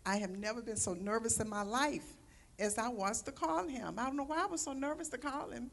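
A woman's voice: fairly high pitch, fairly quick, creaky, fairly bright tone. A woman giving a fervent testimonial introduction in a church, with frequent amens, before welcoming the guest preacher. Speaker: church minister introducing the speaker. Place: church sanctuary.

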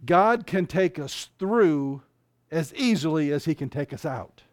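A man preaching a fervent sermon, reading scripture aloud and speaking in quick bursts. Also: on the high side, lively intonation. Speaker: pastor.

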